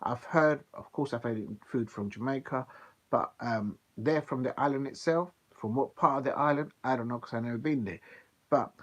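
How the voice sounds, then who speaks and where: A man hosting a football watch-along stream, chatting in a rambling, animated way with plenty of ums. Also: mid-range voice, dull audio. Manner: chatty, digressive, animated storytelling with filler ums. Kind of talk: casual rambling chat.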